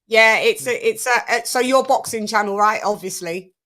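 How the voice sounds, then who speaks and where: This is a woman running a casual boxing livestream. Her voice is bright and crisp and sits somewhat high for a woman. She keeps things playful and chatty, teasing her co-host and greeting viewers. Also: normal speed. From United Kingdom. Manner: chatty, playful, laughs often, gives shout-outs to chat.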